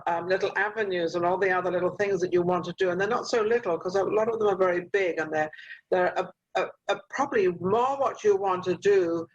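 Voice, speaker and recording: A woman's voice: fairly low pitch, muffled recording. An older woman hosting an interview over a video call, giving long, encouraging advice in a chatty way. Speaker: host.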